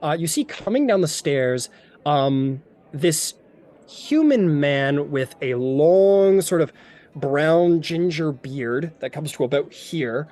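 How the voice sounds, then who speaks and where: A man's voice: on the high side, animated, takes it slowly, dark tone. A man running a tabletop game as game master, rambling and descriptive with many fillers.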